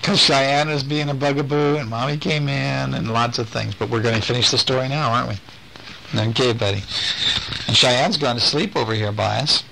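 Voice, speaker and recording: A man reading a bedtime story aloud to his children, gentle and animated. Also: mid-range voice, moderate pace, gravelly, slight background noise, rough recording.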